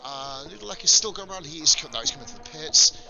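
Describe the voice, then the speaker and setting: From a home streaming setup, a man with a slightly high voice and vocal fry casually commentates a sim racing league stream. He talks quickly with lively intonation, swearing and rambling in banter with chat between calls of the action.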